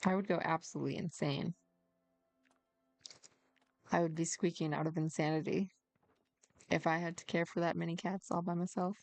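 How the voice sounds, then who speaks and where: A young woman talks casually with her stream chat, giggly and warm-toned in her chatter. Her voice sits on the low side with a gravelly, fry-tinged edge. She reads out and answers viewers' comments as she goes. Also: fairly even intonation, normal speed, pauses often, no room sound, faint music behind.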